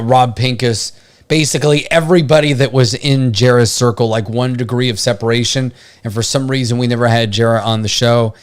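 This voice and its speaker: A man's voice: mid-range voice, clean tone. A man from Puerto Rico hosting a casual livestream show, rambling with frequent laughs and fillers. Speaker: podcast host.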